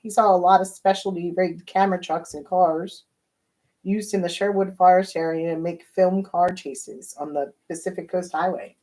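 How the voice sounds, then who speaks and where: A woman co-hosts a casual live stream and reads viewer comments aloud. Her voice sits on the low side for a woman, and her delivery is light and teasing. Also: fairly even intonation, normal speed, mellow. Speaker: co-host reading viewer comments. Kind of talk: reading out live chat comments.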